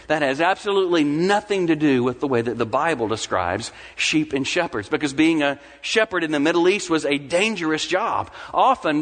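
A man's voice: on the high side, a bit bright. A young adult man preaching a sermon as pastor. He speaks earnestly and repeats phrases for emphasis. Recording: long hall reverb.

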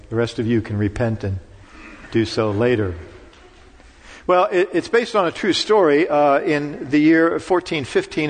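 A man preaching a sermon in a church, with dramatic recitation that rises to commanding peaks. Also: a little high. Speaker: pastor. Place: church sanctuary. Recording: long reverb of a church hall.

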